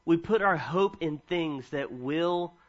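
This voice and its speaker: A man's voice: on the high side, takes it slowly, highs cut off. A man in his thirties preaching a sermon, reading scripture and telling funny stories from family life. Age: 30s. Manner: animated storytelling with humor. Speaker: pastor.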